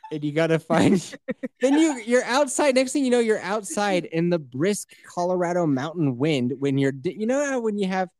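A man's voice: sits high, big pitch swings, normal speed, darkish tone. A young man, the podcast host, telling rambling, crude stories in casual chat with frequent laughter.

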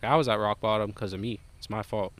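A man's voice: fairly low pitch, quick pace, dry recording. Profane young man telling a story. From Jamaica. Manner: profane, rambling, animated. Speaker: podcast guest. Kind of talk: casual storytelling chat.

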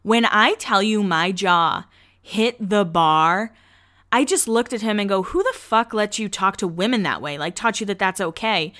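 A woman's voice: mid-range voice, moderate pace. A young woman telling stories about her work and social life on her podcast, candid and blunt and swearing freely. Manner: candid, blunt and swearing, quotes people in lively voices. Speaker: podcast host. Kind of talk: casual storytelling monologue.

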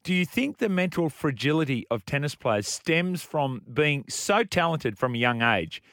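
Australian radio host, dry studio sound. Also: male voice, fairly high pitch, sing-song, normal speed, a bit bright, no room sound. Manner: chatty, reads out phone numbers and listener texts. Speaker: radio breakfast show host. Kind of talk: casual radio chat. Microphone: studio microphone.

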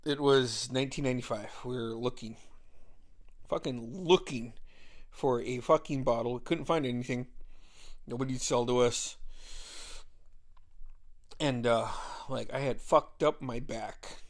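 A man's voice: mid-range voice, measured pace, long pauses. A man in his thirties casually telling a long personal story, swearing heavily and laughing often as he talks.

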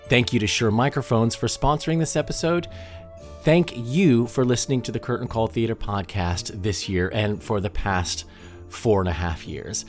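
A man hosting a podcast, wrapping up the episode in a friendly, chatty way. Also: lowish voice. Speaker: podcast host. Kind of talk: podcast outro.

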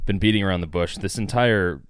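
A man's voice: deep voice, brisk, smooth, no echo, clean studio sound. A young man co-hosting a podcast, bantering casually and laughing easily. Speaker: podcast co-host. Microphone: studio podcast mic.

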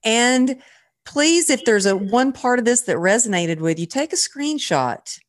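A woman's voice: fairly high pitch, sing-song, measured pace. A woman hosting a podcast interview in a casual, effusive way, full of praise for her guest. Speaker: podcast host.

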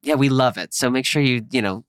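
A man's voice: mid-range voice, brisk, clear, resonant tone, no room sound, clean studio sound. A man co-hosting a podcast in casual chat, upbeat and encouraging. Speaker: podcast co-host.

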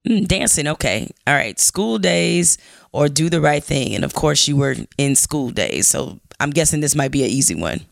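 A woman's voice: low-pitched, animated, moderate pace, vocal fry, dry recording, studio quality. A woman hosting a podcast interview, asking direct, upbeat questions. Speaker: podcast host.

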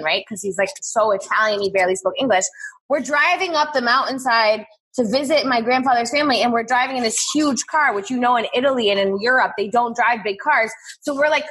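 Husky, bright-voiced woman guest. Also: on the high side, brisk, low-quality recording. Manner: blunt, profane, animated storytelling. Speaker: podcast guest. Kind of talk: casual chat. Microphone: remote call.

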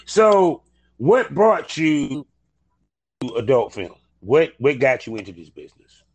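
A man hosting a podcast, reading sponsor plugs and chatting casually with a guest, energetic and fond of saying "you know what I'm saying". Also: mid-range voice, a little slow, husky. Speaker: podcast host.

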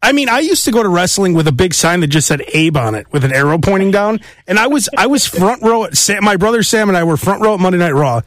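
A man's voice: sits high, sing-song, fast, few pauses, fairly bright tone, slight background noise. A man hosting a podcast, ranting in brash, profane casual chat. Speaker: podcast host.

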